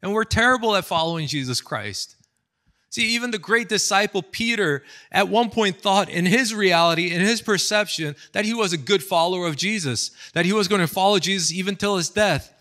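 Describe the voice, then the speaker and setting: A pastor speaking at a youth seminar in a casual, chatty way, repeating words, using fillers and acting out stories. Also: male voice, high-pitched, fairly quick, bright, forceful tone. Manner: storytelling, acts out quotes.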